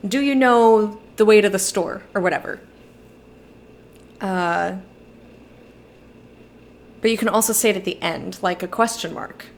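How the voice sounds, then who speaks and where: There's slight background noise as a young streamer with a medium-pitched voice casually narrates a video game she's playing. She alternates between reading its dialogue aloud and sharing her own thoughts.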